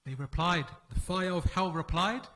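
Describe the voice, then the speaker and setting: A man giving an emotional mourning sermon at a religious gathering, telling the story in a slow, solemn, mournful way. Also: high-pitched, bright, forceful tone, a little hiss or hum, low-quality recording.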